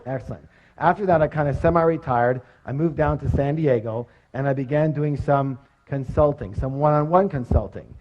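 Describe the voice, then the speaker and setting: A man giving a motivational seminar talk, energetic and quizzing his audience with questions. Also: medium pitch, moderate pace. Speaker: seminar speaker. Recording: dull lo-fi recording.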